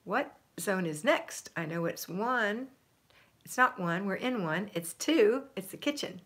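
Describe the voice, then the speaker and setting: A woman's voice: mid-range voice, animated, a little slow, fairly bright tone. A middle-aged woman chatting on a home livestream, reading viewer comments aloud in an upbeat way, laughing and trailing off with ums. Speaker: home organizing livestream host.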